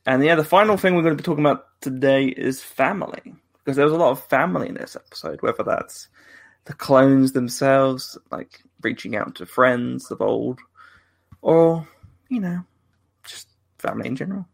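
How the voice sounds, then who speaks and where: A man's voice: mid-range voice, normal speed, gravelly. A man co-hosting a live-streamed fan podcast in casual chat. He rambles, laughs often and restarts his sentences. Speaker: podcast co-host.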